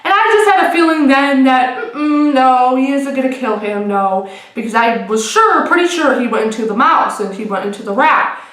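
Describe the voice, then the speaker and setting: A woman's voice: sits high, animated, normal speed, a bit bright. A young woman vlogger giving a casual recap of a TV episode. She rambles, restarts her sentences and swears freely. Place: room at home. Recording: echoey room.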